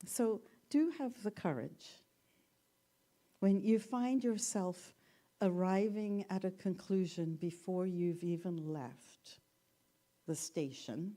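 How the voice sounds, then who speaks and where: A woman minister giving a sermon, telling stories gently with playful asides. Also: lowish voice, slow. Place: church sanctuary.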